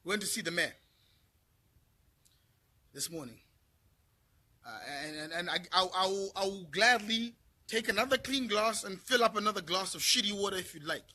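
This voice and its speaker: A man's voice: high-pitched, normal speed, pauses often, bright, forceful tone. A middle-aged man from Zimbabwe ranting to camera in a vlog, profane, repetitive and heated. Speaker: vlogger. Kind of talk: angry rant to camera.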